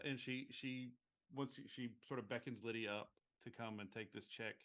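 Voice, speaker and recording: A man playing a tabletop game, narrating his character's actions with halting pauses and fillers. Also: medium pitch, flat delivery, a bit bright. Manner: slow, halting, with many fillers. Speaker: player.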